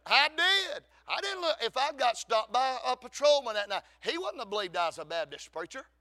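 High, gravelly preacher man. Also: sing-song, moderate pace. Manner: fervent, shouting at times, calls of amen. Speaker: Baptist preacher. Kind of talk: sermon.

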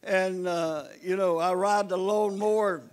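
Older preacher, high voice, folksy sermon, hushed asides to loud exhortation. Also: male voice, fairly even intonation, measured pace. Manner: repeats calls to the congregation. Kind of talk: sermon with storytelling.

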